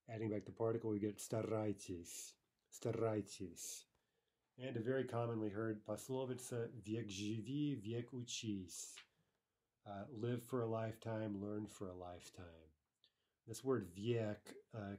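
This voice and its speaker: A man teaching an online grammar lesson, explaining step by step, repeating each word slowly and often asking "right?". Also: lowish voice, darkish tone. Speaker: language teacher.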